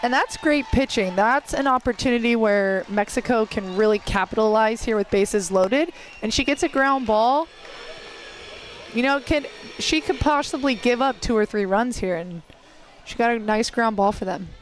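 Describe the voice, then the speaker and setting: A color commentator in a softball broadcast, breaking down the play and teasing the partner. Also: mid-range voice, moderate pace, a little hiss or hum. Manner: teasing, analytical. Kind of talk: sports commentary.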